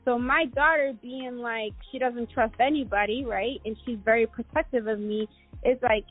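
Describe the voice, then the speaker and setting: A woman's voice: a little high, steady tone, normal speed, narrow, tinny audio, faint music behind. A middle-aged woman from Guatemala, a guest entrepreneur in an interview, telling a personal story in a rambling way with many fillers and restarts.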